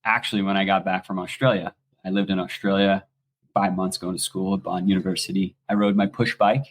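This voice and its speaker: A man in his forties with an American accent tells stories in a casual, animated way, and he swears freely. His voice sits somewhat low. He sounds like a guest on a podcast. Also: fairly quick, a little hiss or hum. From United States. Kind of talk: casual storytelling.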